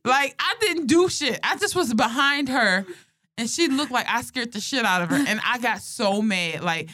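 A slightly high-voiced young woman talks at normal speed in a studio-quality recording with no room sound. Her casual chat is full of humorous personal stories, frequent laughs, and free-flowing profanity, all delivered with animation.

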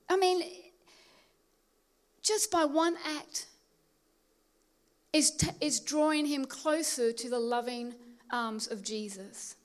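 A woman preaching a sermon, telling stories and slowing down to stress key phrases. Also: sits high. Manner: storytelling, emphatic preaching with slow stressed phrases. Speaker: pastor.

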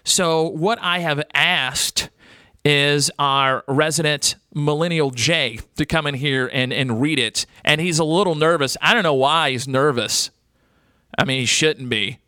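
A man's voice: a little high, unhurried, bright, forceful tone, no echo, studio quality. Blunt, rambling male radio host. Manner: rambling, blunt and crude, with many fillers. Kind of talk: casual radio talk.

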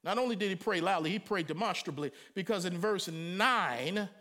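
A middle-aged man preaching a sermon in a colloquial, animated way, breaking into loud cries and acted-out quotes. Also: high voice, moderate pace. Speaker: pastor.

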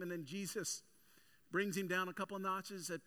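Forceful, bright-voiced male pastor. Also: high voice, normal speed. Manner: energetic storytelling, animated. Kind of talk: sermon.

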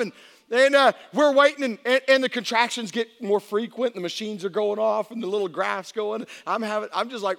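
A middle-aged man, a pastor, telling a personal story in a sermon, animated and acting out voices. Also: very high voice, brisk, vocal fry. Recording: long reverb of a large hall.

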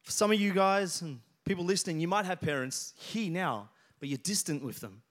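A man's voice: sits high, a little fast, a bit bright. A man, preaching a sermon and telling funny stories to his congregation. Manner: joking storyteller, talks to the congregation by name. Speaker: pastor. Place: church hall with congregation.

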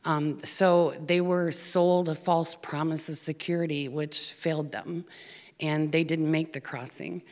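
An American woman tells her story in an earnest, halting way, with ums scattered through. Her voice sits a little low, and a long hall reverb trails after her words. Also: steady tone, a little mellow. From United States. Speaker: speaker telling of volunteer work. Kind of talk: personal story talk.

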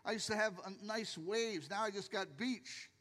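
An older man preaching from a church stage, his voice high and bright as he tells jokey stories and acts out other people's lines. The long reverb of a large hall trails behind every phrase. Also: normal speed. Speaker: pastor. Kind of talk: sermon.

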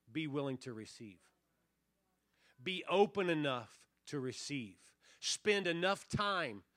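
A man preaching a revival sermon as pastor, earnest, sinking almost to a hush and then swelling on key phrases. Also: fairly high pitch, dry recording, studio quality. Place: church revival service.

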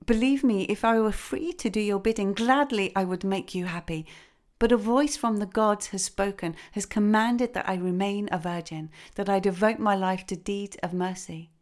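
A woman's voice: medium pitch, moderate pace, lightly acted. A woman voicing a devout young princess who answers her father tenderly but firmly. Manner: earnest, tender.

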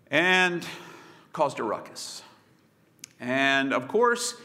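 A man preaching a sermon, telling the story with swings between loud bursts and hushed asides. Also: on the high side. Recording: long hall reverb.

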